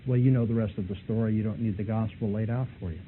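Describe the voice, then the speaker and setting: A man's voice: fairly even intonation, quick pace. Argumentative male lecturer, tinny old recording. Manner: argumentative, pitch rising as he presses a point. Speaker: Christian apologist lecturer. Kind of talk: lecture with a retold debate. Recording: tinny lo-fi recording, faint hiss.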